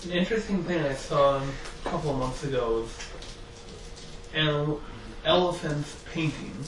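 Soft-spoken student heard from far off. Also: male voice, a little high, a little slow. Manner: soft, hesitant, trails off. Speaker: class student. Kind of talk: classroom discussion. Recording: distant, echoey, noisy room.

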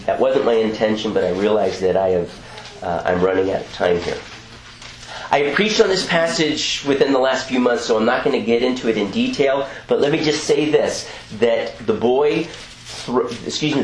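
A man's voice: lowish voice, reverberant, slight background noise, low-quality recording. A man preaching a teaching sermon in a conversational way, with frequent asides and self-corrections.

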